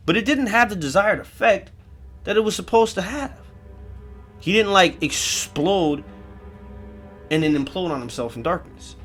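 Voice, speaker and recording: A man telling a comedic first-person horror story, profane, jumping between loud outbursts and hushed asides. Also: high-pitched, husky.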